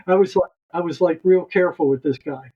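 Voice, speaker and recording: Older male guest storyteller, husky voice, rambling restarts, muffled lo-fi audio. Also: high-pitched, fairly quick. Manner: rambling, repeats words as he restarts. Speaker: guest, retired psychotherapist. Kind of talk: long storytelling anecdote.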